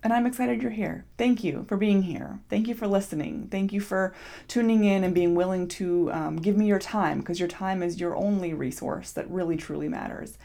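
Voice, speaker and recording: A woman's voice: medium pitch, moderate pace, gravelly, mellow. A woman hosting her own podcast as a mindset coach, talking casually and earnestly with lots of fillers and encouraging asides. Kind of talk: casual solo podcast talk.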